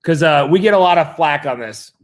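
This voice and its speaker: A man co-hosting a casual chat, playful and joking, quick to get excited. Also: fairly high pitch. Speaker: co-host. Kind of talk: casual chat about comics.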